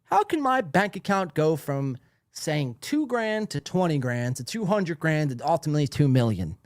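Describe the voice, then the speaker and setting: A man's voice: fairly high pitch, very animated, normal speed, no room sound. A man hosting a podcast, ranting in a profane, mock-outraged monologue into a studio mic. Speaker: podcast host.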